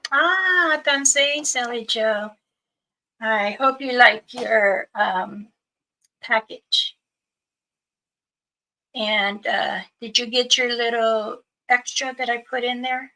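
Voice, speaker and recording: A woman's voice: fairly high pitch, slow, pauses often, sharp tone, rough recording. A woman hosting a livestream, chatting casually with viewers and telling stories in a loose, rambling way. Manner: chatty storytelling, greeting viewers. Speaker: livestream host.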